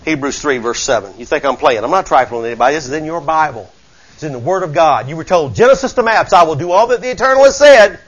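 A man's voice: on the high side, fast, breathy edge, muffled recording. A male preacher delivering a fiery sermon, reading scripture and firing rhetorical questions at the congregation. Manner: mixes scripture reading with folksy asides.

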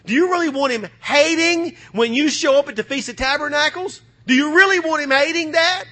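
Fervent high-voiced preacher man. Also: fairly quick. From United States. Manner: fervent, swings from loud to hushed. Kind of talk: sermon.

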